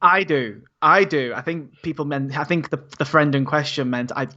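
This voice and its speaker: A man's voice: on the high side, normal speed, bright, forceful tone, muffled recording. Chatty Scouse man rambling. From Liverpool, England. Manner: chatty, rambling, laughs often. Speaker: guest, podcaster and activist. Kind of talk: casual conversation.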